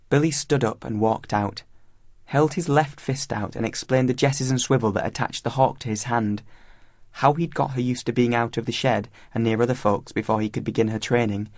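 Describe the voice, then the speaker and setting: A man reading a story aloud in a measured, plain narration. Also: fairly low pitch, darkish tone, no echo, studio quality. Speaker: audiobook reader. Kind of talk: scripted narration.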